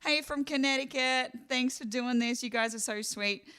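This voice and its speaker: A woman's voice: sits high, normal speed, sharp tone, smooth. Chatty Australian woman hosting a live stream. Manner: chatty, reads out viewer comments, laughs often. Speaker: live stream host and singer. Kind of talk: casual live stream chat.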